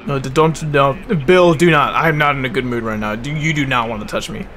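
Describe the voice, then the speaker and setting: A young man giving casual commentary while playing a racing game, full of bro and swearing, sometimes flaring into loud angry rants. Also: mid-range voice, brisk, heavy background noise. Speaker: gaming video host.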